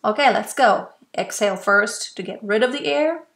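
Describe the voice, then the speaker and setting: A woman's voice: medium pitch, lively intonation, moderate pace, creaky, a bit bright. A woman from Germany, a vocal coach patiently explaining and demonstrating breathing exercises. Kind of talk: instructional explanation.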